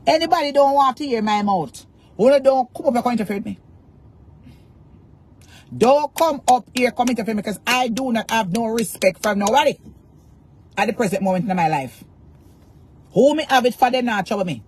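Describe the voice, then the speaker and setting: A woman's voice: a little high, expressive, moderate pace, long pauses, a little mellow, a little hiss or hum. A Jamaican woman ranting defiantly to her followers, cursing in Patois and repeating taunts. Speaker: social media personality. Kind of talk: angry rant to camera.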